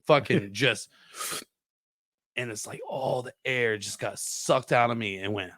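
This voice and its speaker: A man's voice: medium pitch, a little slow, dry recording. Profane storytelling man, dry close mic. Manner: profane, animated storyteller with sound effects. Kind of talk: casual storytelling.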